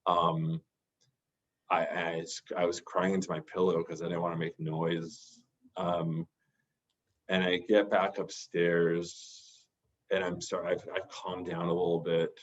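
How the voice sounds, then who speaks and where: A man's voice: low-pitched, level tone, a little slow, dull audio. A man, a therapist, telling a personal story in a casual, rambling way with many restarts. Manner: rambling, full of restarts and fillers. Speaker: podcast guest, therapist.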